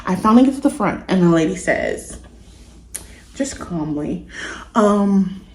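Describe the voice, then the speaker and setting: A woman's voice: fairly low pitch, expressive, a little slow, pauses often. A woman vlogger telling a personal story to camera in an earnest, confiding, meandering way. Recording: echoey room.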